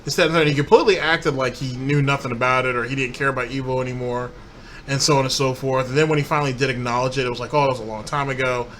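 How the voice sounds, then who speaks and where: A man rambles through a gossipy rant over his game, pausing on filler words as he goes. His tone is bright and tense, with a faint hiss in the background. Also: mid-range voice, steady tone. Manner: talkative, gossipy, frequent "uh". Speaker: gaming commentator. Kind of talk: ranting gaming commentary.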